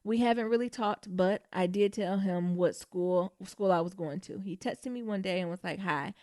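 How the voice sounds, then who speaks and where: A woman co-hosting a podcast in casual chat, animated and quick to laugh and tease. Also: medium pitch, no echo, studio quality. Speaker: podcast co-host.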